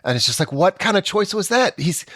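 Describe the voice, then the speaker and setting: Animated sarcastic man riffing. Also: sits high, brisk, no room sound, clean studio sound. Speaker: comedy podcast panelist. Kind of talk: casual comedic riffing.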